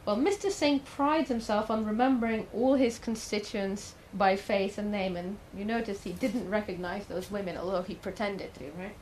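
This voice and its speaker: A woman's voice: mid-range voice, normal speed, hardly any pauses, a little mellow, slight background noise, low-quality recording. A woman giving a talk, telling a story in a conversational way with the odd filler and questions to the audience. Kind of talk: storytelling lecture.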